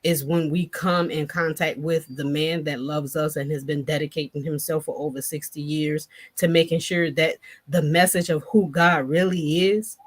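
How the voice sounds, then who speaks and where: A woman's voice: low voice, fairly even intonation, moderate pace, hardly any pauses. A woman joining a talk show over a video call, speaking earnestly and reflectively about faith. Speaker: guest. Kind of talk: casual chat.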